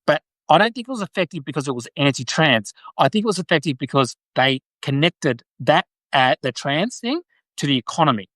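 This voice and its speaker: A man's voice: medium pitch, a bit bright, dry recording, low-quality recording. A man with an Australian accent, hosting a live video and chatting about politics in a loose, talkative way, often tagging his points with "right?". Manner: chatty, frequent "right?" tags and restarts. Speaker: livestream host. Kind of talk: casual political commentary.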